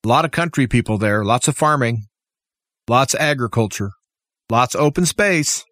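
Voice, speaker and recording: A man's voice: medium pitch, expressive, moderate pace, fairly bright tone, no room sound, studio quality. A man giving an impassioned, opinionated political commentary monologue as a talk show host, full of rhetorical questions. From United States.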